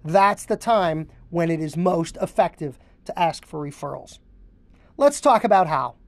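A woman's voice: on the low side, expressive, unhurried, dry recording. Emphatic woman podcast host, dry sound. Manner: emphatic, repetitive, drills phrases word for word. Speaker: podcast host and haircutting coach. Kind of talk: instructional podcast monologue.

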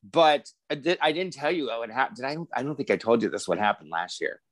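A man around sixty hosting a casual podcast chat, telling a long personal story in an animated way and acting out what other people said. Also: medium pitch, a little fast, no echo. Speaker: podcast host.

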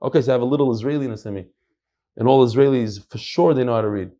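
An American man teaching a Talmud class, emphatic and animated, mixing in Hebrew and Yiddish terms. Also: mid-range voice, rapid-fire, muffled recording. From United States. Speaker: Torah teacher.

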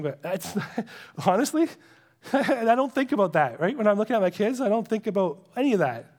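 A man's voice: high voice, sing-song, normal speed. A man preaching a sermon in a conversational, earnest way, dropping to a near whisper to stress a point. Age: adult with young children. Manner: conversational and earnest, drops to a hush for emphasis. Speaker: pastor.

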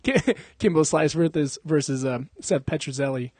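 A young man talks in a casual chat, swearing freely and laughing through his animated stories. His voice sits a little high and sounds husky. The recording is dry and close. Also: moderate pace, no room sound. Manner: profane, laughing, animated storytelling. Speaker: podcast host.

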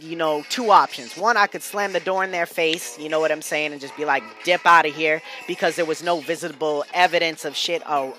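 A man hosting a podcast, telling a story in a casual, slangy, animated way with frequent laughs. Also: a little high. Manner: animated, slangy, laughing often, loud bursts. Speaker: podcast host.

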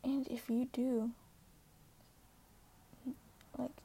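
A woman's voice: high voice, level tone, extremely slow, dark tone, slightly rough. A teenage girl talking earnestly and hesitantly in a casual vlog, often dropping to a half-whisper. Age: teens. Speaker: social media poster.

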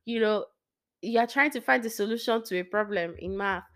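Speaking briskly in a mid-range voice, a young Christian woman rambles casually about faith to her listeners. She laughs a lot, keeps correcting herself, and now and then lowers her voice almost to a whisper.

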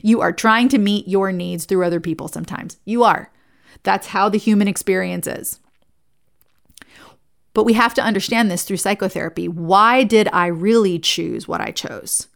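A woman's voice: medium pitch, moderate pace, vocal fry. A woman who is a licensed therapist, giving an earnest, conversational talk to fellow therapists and telling stories along the way.

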